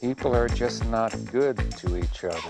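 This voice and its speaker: A woman voicing a gloomy, deep-voiced male poet who recites slow, bleak lines over a hip hop beat in a comedy parody ad. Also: loud music behind the voice. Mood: brooding. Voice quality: slow, deep, heavy delivery.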